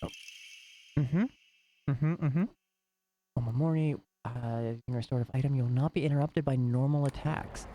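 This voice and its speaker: A man's voice: mid-range voice, fairly even intonation, moderate pace, pauses often, warm tone, slight background noise. A man streaming live, talking through a game with wry, dry asides to his chat. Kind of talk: live gameplay commentary.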